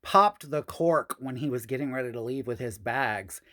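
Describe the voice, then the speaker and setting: A woman's voice: extremely low pitch, normal speed, a bit bright. A woman telling a personal story on a podcast, frank and profane, with sassy asides.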